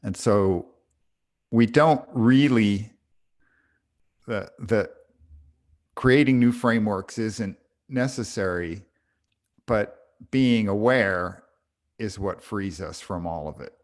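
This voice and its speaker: A man co-hosting a podcast, speaking slowly and thoughtfully about love and parenting. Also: lowish voice, a little mellow. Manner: slow, thoughtful, reflective. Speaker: podcast co-host. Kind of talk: reflective conversation.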